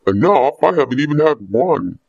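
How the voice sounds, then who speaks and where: A man's voice: mid-range voice, big pitch swings, moderate pace, gravelly, darkish tone, breathy edge, no echo, lo-fi sound, full character voice. A man voicing a brash, greedy talking sweet tooth in a storybook, wisecracking and making impatient demands. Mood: pushy, greedy. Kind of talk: storybook character voice.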